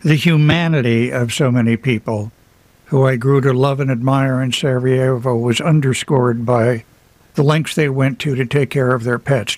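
A man's voice: medium pitch, no echo. A man who wrote a book, guest on a radio interview, telling personal stories in a reflective way with some light humor. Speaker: author guest. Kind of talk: radio interview, casual storytelling.

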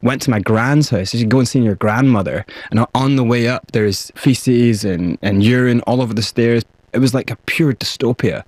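A man's voice: medium pitch, moderate pace, few pauses, a little mellow, no room sound. A man with a Scottish accent, speaking as an interview guest and telling his own story in a candid, vivid way. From Scotland, raised partly in South Africa.

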